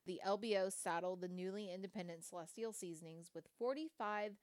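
A woman's voice: mid-range voice, fairly quick, no room sound. A woman podcast host reading a company history aloud, breaking off for casual, wry asides and the odd swear word. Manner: conversational, swearing, wry asides between read passages. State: has the hiccups.

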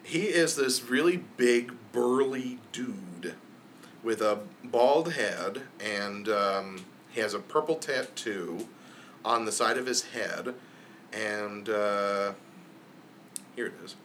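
Unhurried man running a tabletop game, clear bright voice. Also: on the low side, slight background noise. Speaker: game master.

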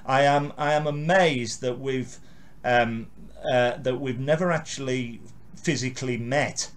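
A man from England hosting a podcast interview over a video call, warm and quick to agree. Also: medium pitch. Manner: warm, frequent agreeing yeahs. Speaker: podcast host. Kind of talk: casual chat.

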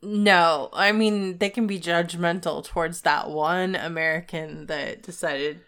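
Slow, smooth-voiced woman co-host. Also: fairly low pitch, steady tone, fairly bright tone. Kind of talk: casual chat.

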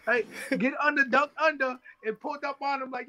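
A man in his thirties with a high, bright voice tells stories in a loose interview. He is animated and slips into the voices of the people he quotes. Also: a little fast, hardly any pauses, highs cut off. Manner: animated, acts out other people's lines. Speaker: boxer, interview guest. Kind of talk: casual storytelling interview.

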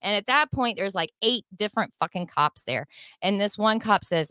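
A middle-aged woman telling a personal story as a podcast guest, in a heated, profane and animated way. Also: mid-range voice, normal speed, smooth, no echo.

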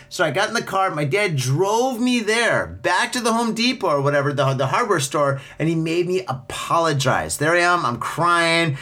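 Profane, animated male podcast host. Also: high-pitched, brisk, hardly any pauses. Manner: profane, animated storyteller who acts out voices. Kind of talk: casual chat.

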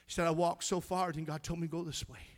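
A male pastor preaching a sermon, telling stories and swinging from hushed tones to loud, shouting climaxes. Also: fairly high pitch, fairly even intonation, fast talker. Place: church sanctuary.

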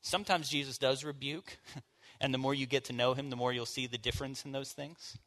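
A man's voice: mid-range voice, steady tone, fairly quick, a bit bright. A man leading a church bible study, teaching in an informal, conversational way and asking the group questions. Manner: informal, asks the group questions, casual fillers.

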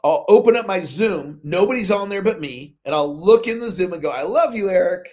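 A man's voice: high voice, brisk. A man hosting a motivational coaching call over video, telling stories and acting out both sides of his conversations. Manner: animated storytelling, acts out both sides of dialogues. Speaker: sales coach, call host. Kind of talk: motivational talk on a live call.

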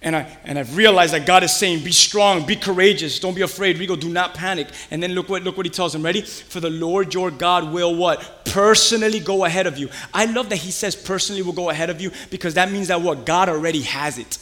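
A man preaching a sermon as pastor, animated and conversational, questioning his congregation. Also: sits high, fairly quick, hardly any pauses, long reverb tail. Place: church.

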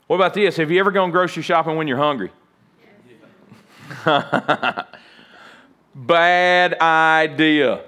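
A man's voice: fairly high pitch, takes it slowly, long pauses, sharp tone. A man preaching a sermon as pastor, in a conversational, joking way that acts out little everyday scenes.

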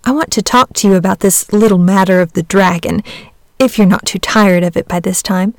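A woman voicing an excitable young village boy who talks eagerly and pleads. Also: mid-range voice, brisk, no echo, close to an everyday voice. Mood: polite.

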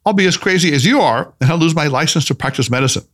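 A skeptical male doctor voiced by an audiobook reader speaks in a raised, fairly high voice with a wide, lively pitch range. He sounds incredulous and defensive, an earnest man being pushed past his comfort. It's a storybook reading with put-on character lines. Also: fast. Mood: doubtful.

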